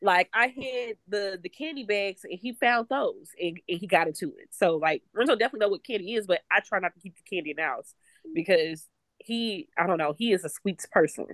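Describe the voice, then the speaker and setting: A woman's voice: mid-range voice, a little fast, a bit bright, dry recording. A woman co-hosting a podcast, chatting casually about parenting and rambling with lots of fillers and restarts. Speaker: podcast co-host. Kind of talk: casual chat.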